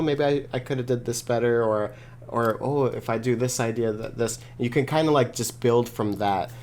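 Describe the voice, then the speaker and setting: A man talking casually as an interview guest, rambling and filling pauses with "like" and "you know". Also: mid-range voice. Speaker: guest, wrestler and creator.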